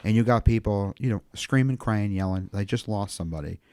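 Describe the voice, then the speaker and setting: A man's voice: lowish voice, brisk, a little mellow, no echo. A man, a funeral home owner, chatting casually on a podcast and telling rambling stories with plenty of swearing. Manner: profane, rambling storyteller.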